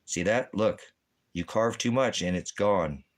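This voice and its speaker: Low-voiced rambling man. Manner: rambling, repetitive, halting. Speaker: vlogger. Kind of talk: casual chat.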